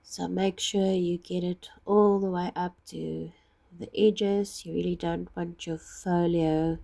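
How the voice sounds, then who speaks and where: A woman with a husky voice from being ill, patiently explaining each step of a craft project. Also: fairly low pitch, mellow. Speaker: craft tutorial maker.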